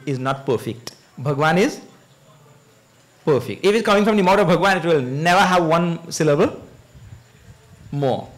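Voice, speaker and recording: A man giving a scripture discourse as a swami, telling stories with chuckles and asking his audience questions. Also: fairly high pitch. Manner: animated storytelling, chuckles, asks the audience "eh?". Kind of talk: sermon.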